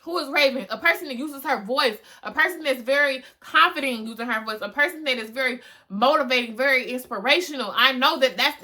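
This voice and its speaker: A young adult woman hosts a solo motivational podcast, her voice high, fairly quick, pushed and bright. She speaks emphatically and with feeling, repeating lines for effect and swearing casually.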